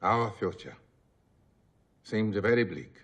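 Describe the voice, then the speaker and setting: An actor playing a calm older South African leader, speaking with a South African accent in a slow, measured, solemn way. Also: male voice, on the low side, heavily acted.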